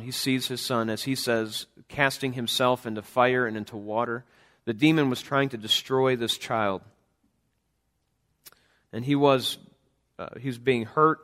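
A man's voice: mid-range voice, a bit bright. Earnest male preacher, plain mid voice. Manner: earnest preaching with frequent restarts and scripture readings. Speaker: pastor; father of a young son. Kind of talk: sermon.

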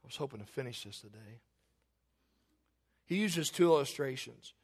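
A man preaching a sermon as pastor, emphatic and rising into loud bursts. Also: mid-range voice, expressive, moderate pace, breathy edge.

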